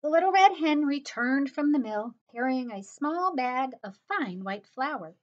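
A woman reading a children's story aloud in a slow, expressive storytelling manner. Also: high voice. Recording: dull lo-fi recording.

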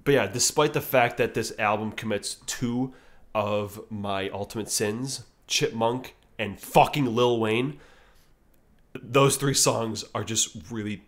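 A man's voice: on the low side, fairly even intonation, slow. A man ranking albums in a casual, rambling way, swearing often and using lots of fillers like "um" and "you know". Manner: profane, enthusiastic, rambling with many fillers. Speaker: music reviewer.

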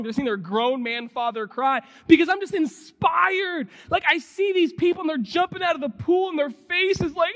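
Animated high-voiced preacher in reverberant sanctuary. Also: male voice, normal speed, hardly any pauses. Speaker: pastor. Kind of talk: sermon. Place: church sanctuary. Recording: long hall reverb.

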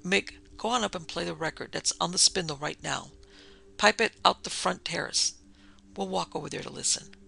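A woman reading the part of a calm, scheming male killer who speaks quietly and mockingly. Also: on the low side, moderate pace, vocal fry, husky, full character voice. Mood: composed.

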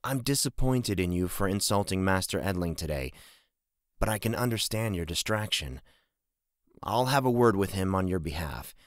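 A man doing a gentle farmer father. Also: sits low, normal speed, no echo, clean studio sound. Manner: calm, fatherly. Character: gentle, concerned middle-aged farmer father.

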